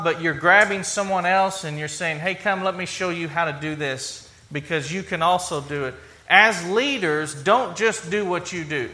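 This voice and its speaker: A man's voice: on the high side, bright, forceful tone. A man preaching a sermon in a conversational way, acting out quoted lines and often restarting his sentences. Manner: stumbling restarts and fillers. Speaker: pastor.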